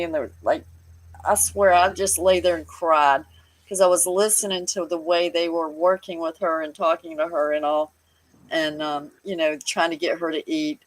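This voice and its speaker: A guest with a fairly low-pitched voice recounts her own hospital story in relaxed conversation, and the audio is poor. Laughing often, she animatedly performs the voices of everyone in the tale.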